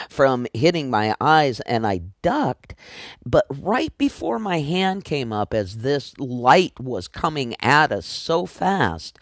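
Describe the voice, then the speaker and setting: A man hosting a podcast, telling a personal story in an animated way, often laughing and acting out dialogue with sound effects. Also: medium pitch, dry recording, studio quality. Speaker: podcast host.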